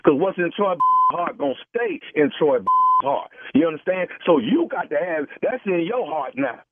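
A man's voice: on the high side, lively intonation, normal speed, dry recording. A man making a radio prank call, earnestly pressing the callee while posing as a grieving brother. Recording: tinny phone line.

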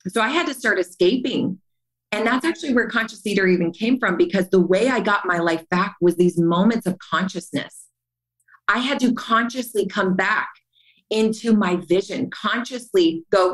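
On a podcast, a middle-aged woman guest earnestly and animatedly tells her own story in a candid conversation, acting out the quoted voices. Her voice is mid-range and her pace moderate, though the recording quality is low.

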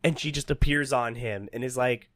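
A man's voice: medium pitch, moderate pace, a bit bright, no room sound, clean studio sound. A man chatting casually about a movie, acting out quotes, laughing often and swearing freely. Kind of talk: casual movie recap chat.

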